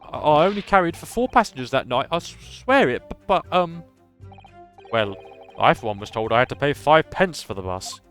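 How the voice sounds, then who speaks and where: A man's voice: lively intonation, a little fast, fairly bright tone, soft background music. Man doing a stammering nervous coachman. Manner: stammering, high and anxious.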